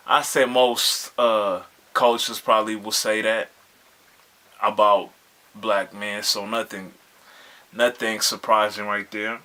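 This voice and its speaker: Man, reaction host, casual slangy commentary, lowish pitch, bright forceful tone. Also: flat delivery, slow pace. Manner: laid-back slangy talk, frequent "you feel me".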